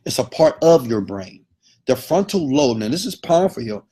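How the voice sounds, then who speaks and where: A man's voice: mid-range voice, very animated, normal speed, mellow, slightly rough. A man giving an emphatic motivational lecture, often checking in with the audience. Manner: emphatic, keeps checking in with okay. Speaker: motivational speaker.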